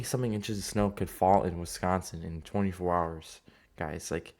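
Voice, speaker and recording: A man's voice: sits low, normal speed, a little mellow. A man casually talking through weather forecast maps, rambling with many fillers and restarts. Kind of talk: casual weather map walkthrough.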